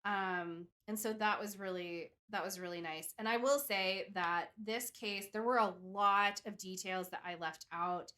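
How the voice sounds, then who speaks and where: A woman's voice: medium pitch, unhurried, few pauses, sharp tone. A young woman co-hosting a podcast, telling a story in a chatty way with lots of "like" and "um". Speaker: podcast co-host telling the case. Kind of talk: casual chat.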